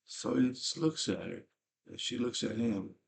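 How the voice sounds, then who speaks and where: A man casually retelling a movie's plot as a host, animated and slangy, with lots of fillers. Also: mid-range voice, a little slow, gravelly, slightly rough.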